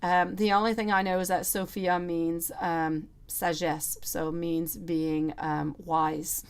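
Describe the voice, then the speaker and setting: A woman's voice: on the low side, level tone, takes it slowly, clear, resonant tone. A woman reading tarot on a live stream for viewers, talking in a chatty, rambling way and calling them sweetie and my lovely.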